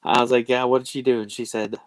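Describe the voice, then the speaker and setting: A man's voice: medium pitch, fast talker, no room sound, low-quality recording. A man in his thirties, a podcast host, telling family stories in casual chat and acting out his kids' voices. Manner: animated, acts out family members in quoted voices.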